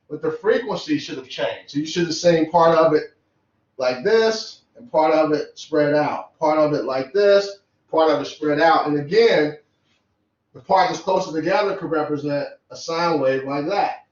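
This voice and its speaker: A man gives a casual electronics lecture, talking loosely and sketching as he goes. His voice sits a little high for a man. The sound is roomy and dull, like a lo-fi classroom recording. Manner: loose, conversational, drawing as he explains. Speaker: electronics instructor.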